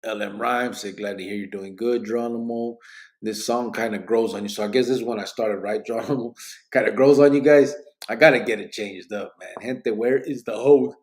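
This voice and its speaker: A man's voice: on the low side, steady tone, brisk. Sleepy man reading chat aloud. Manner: laid-back, joking, drops Spanish slang. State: sleepy, yawning. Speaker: livestream podcast host. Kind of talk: casual live chat, reading viewer comments aloud.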